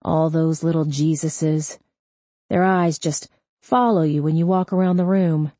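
Woman voicing a calm, hard-nosed male cop. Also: low voice, no room sound. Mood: cool menace. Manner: cool, slow, quietly threatening. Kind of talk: audiobook character voice.

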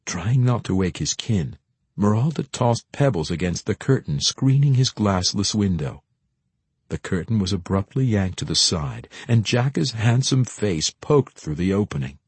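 Husky-voiced male storybook narrator. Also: fairly low pitch, measured pace, no room sound. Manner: expressive storytelling reading. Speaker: audiobook narrator. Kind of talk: scripted narration.

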